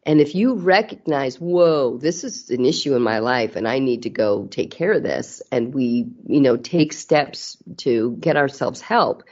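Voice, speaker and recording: A woman's voice: extremely low pitch, animated, measured pace, hardly any pauses, darkish tone. Woman, middle-aged, earnest, interview guest, muffled audio. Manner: earnest, candid, frequent restarts. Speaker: podcast guest. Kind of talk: casual interview chat.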